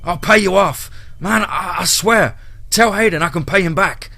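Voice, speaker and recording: A man's voice: very high-pitched, big pitch swings, measured pace, creaky, sharp tone, slightly rough, voice pushed up, full character voice. A man voicing a desperate young criminal who screams frantically in panic. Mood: panicked.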